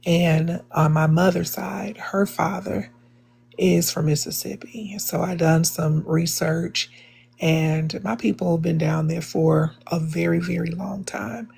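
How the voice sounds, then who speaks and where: A woman makes her case in a live online debate. Her voice is gravelly and husky and sits fairly low. She speaks earnestly, with plenty of "um"s and restarts. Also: steady tone, takes it slowly, darkish tone. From Chicago, USA. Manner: earnest, many fillers and restarts. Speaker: debate participant.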